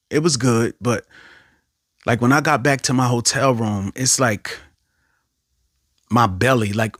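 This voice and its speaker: A man preaching an online sermon, animated, repeating phrases for emphasis and often checking in with "right?". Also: medium pitch, no room sound, studio quality.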